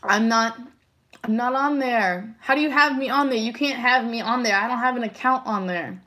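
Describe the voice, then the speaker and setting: A young woman chatting casually on a livestream, giggling and reacting excitedly to viewer comments. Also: on the high side, normal speed. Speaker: livestream tarot reader.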